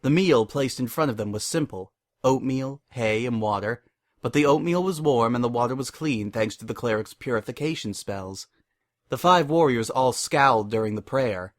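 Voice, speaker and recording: A man narrating a story in a measured, expressive dramatic reading. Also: mid-range voice. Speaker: reader.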